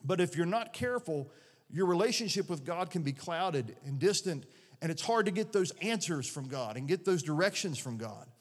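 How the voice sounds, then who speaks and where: A man in his forties preaching a sermon as a pastor, folksy and animated, with homespun jokes. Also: a little high, normal speed. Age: 40s. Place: church sanctuary. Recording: long church-hall reverb.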